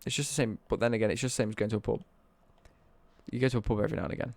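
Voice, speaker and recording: A man's voice: lowish voice, fairly even intonation, racing, creaky, a little mellow. A young British man ranting on a casual live stream, sweary and worked up.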